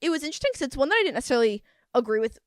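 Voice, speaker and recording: A high, lively woman co-hosting a chatty podcast. She giggles often, fills her sentences with "like", and her pitch jumps all over. The mic is close and dry. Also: rapid-fire, dry recording. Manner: giggly, animated, says "like" often. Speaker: podcast co-host. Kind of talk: casual chat.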